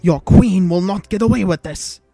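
A man's voice: on the high side, moderate pace, dry recording, faint music behind, natural voice. A man reading aloud and voicing a scheming, arrogant alien male viceroy with a strained, oddly nasal timbre and an angry, blustering manner. He barks orders as the viceroy. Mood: enraged. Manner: blustering, orders shouted in rising anger.

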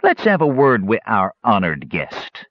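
A rough, sneering bandit chief, as a male storyteller puts him on growls out his threats in a low, husky voice that rises and falls sharply. He speaks slowly and deliberately. The storybook recording is dry and a little dull. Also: huge pitch swings, dry recording, full character voice. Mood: menacing. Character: cruel greedy male bandit leader, rough, menacing.

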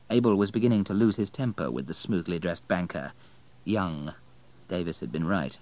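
A man narrating an audiobook in a calm, low storytelling manner. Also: moderate pace, dry recording, rough recording.

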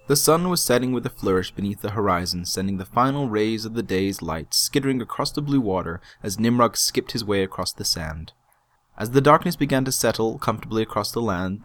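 A man reading a fantasy story aloud in a dry, wry storytelling manner. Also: medium pitch. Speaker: narrator. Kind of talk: scripted storybook narration.

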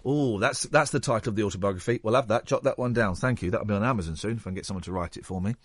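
A man's voice: on the low side, very fast, no room sound. A man hosting a radio show in a playful, rambling, teasing way. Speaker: radio host. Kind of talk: casual radio chat. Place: radio studio.

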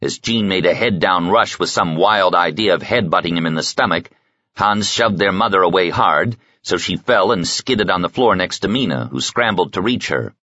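A man with a low, husky voice reads an audiobook in a steady, measured way. His tone is bright, and the recording is dry and somewhat dull. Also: no echo. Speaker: audiobook narrator. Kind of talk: scripted narration.

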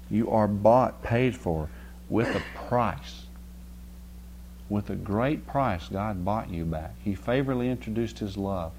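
A man's voice: on the low side, darkish tone, a little hiss or hum. Folksy man preaching a sermon. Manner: folksy storytelling with rising emphasis and frequent "right?" checks. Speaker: pastor.

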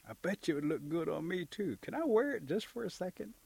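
A man's voice: sits high, quick pace, creaky, husky, no echo, pitched above the performer's own voice, heavily acted. A man voicing a vain, sly male turkey who wheedles to borrow a trophy. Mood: wheedling. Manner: wheedling, flattering.

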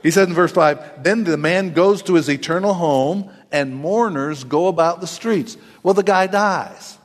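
A man's voice: on the high side, unhurried, long reverb tail. A man in his sixties preaching a sermon as pastor, folksy and joking, with homespun asides. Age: 60s.

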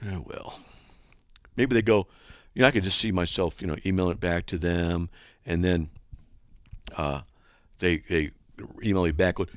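A man's voice: mid-range voice, a little fast, dry recording, clean studio sound. A man hosting a radio show, reading listener mail aloud and mocking it sarcastically. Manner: sarcastic, animated, does mocking voices. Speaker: radio host.

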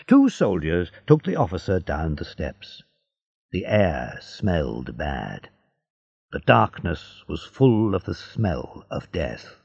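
Male narrator for a learners' audiobook, low and gravelly, close and dry. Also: no room sound, lo-fi sound. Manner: slow, deliberate, expressive.

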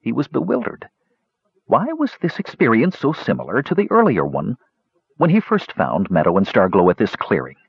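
A man narrating a fantasy story aloud in an expressive, lively reading voice. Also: medium pitch, normal speed, creaky, husky, no echo. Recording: dull dry lo-fi recording.

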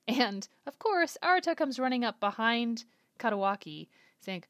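A woman's voice: a little high, animated, moderate pace, a bit bright, dry recording, studio quality. A woman giving casual reaction commentary on an anime episode, thinking aloud and guessing what comes next. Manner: chatty, speculative, thinking aloud.

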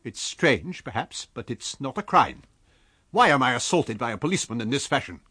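A man voicing an irritable invisible man who protests in sharp, exasperated bursts. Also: medium pitch, lively intonation, moderate pace, breathy edge, dry recording, studio quality. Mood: indignant.

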